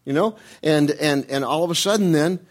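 Speaking at a normal speed, a preacher recounts a Bible story with animated, conversational energy. His voice leaps up in pitch, and he keeps restarting words as he goes.

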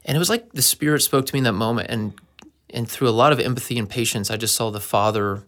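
A man's voice: medium pitch, fast talker, a bit bright. A man in a casual conversation, telling stories in an earnest, anecdotal way.

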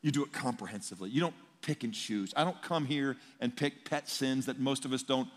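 A male pastor preaching a sermon in a conversational, emphatic way, swinging between loud and hushed. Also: mid-range voice, fairly quick. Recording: long reverb in a large hall.

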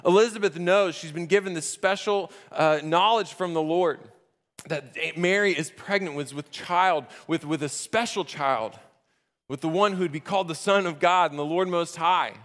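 A man preaching a sermon from a church stage in a conversational, animated way, acting out the scenes. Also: fairly high pitch, normal speed. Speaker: pastor. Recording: echoey hall reverb.

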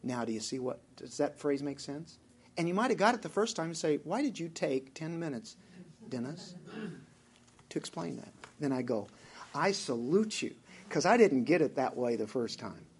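A man's voice: a little high, animated, moderate pace, slightly rough. A man with a Southern US accent who preaches a sermon as pastor, asking his congregation direct questions.

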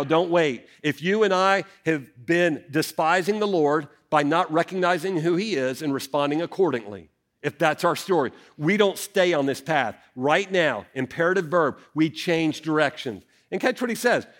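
A male pastor preaching a sermon, reading scripture aloud and then explaining it earnestly, rising for emphasis. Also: on the high side.

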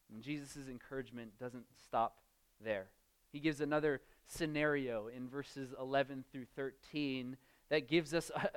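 Slow, earnest young male preacher. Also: a little high. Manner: earnest, emphatic, rising animated when acting out scenes. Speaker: campus ministry preacher. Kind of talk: sermon.

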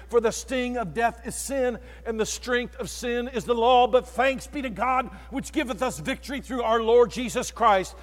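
A male preacher delivering an impassioned sermon that swings from hushed tones to shouted lines. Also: very high-pitched, moderate pace, few pauses. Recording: long reverb in a large hall.

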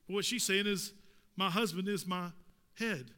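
A man preaching a sermon in a church sanctuary. His voice sits high and sounds bright and forceful, and he keeps asking the congregation rhetorical questions. The room adds a long, ringing reverb. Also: moderate pace. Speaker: pastor.

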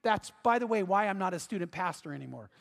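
A man's voice: high-pitched, animated, fast, gravelly, a bit bright, in a large hall. A man preaching a sermon as pastor, earnest and emphatic, often repeating his phrases for weight.

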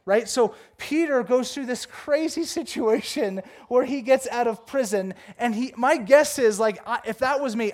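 A man preaching a sermon, reading scripture and then retelling it with jokes and lively asides. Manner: animated, jokey storytelling with big pitch swings; reads scripture aloud, then riffs casually. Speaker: pastor.

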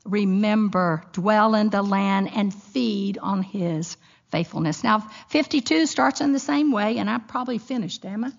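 A woman's voice: mid-range voice, a little slow, gravelly. A middle-aged woman giving a sermon with a personal story, telling it expressively and acting out the voices in her quotes. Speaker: women's Bible teacher. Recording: dull lo-fi recording.

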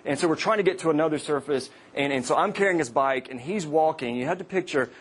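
A man in his thirties, a campus minister, preaching to college students with humorous personal stories and lively quoted voices. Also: on the high side, quick pace. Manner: joking storyteller, animated quoted voices.

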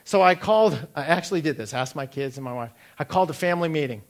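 A man's voice: a little high, lively intonation, quick pace. A middle-aged man giving a sermon, asking the listeners direct questions and telling personal stories. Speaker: pastor.

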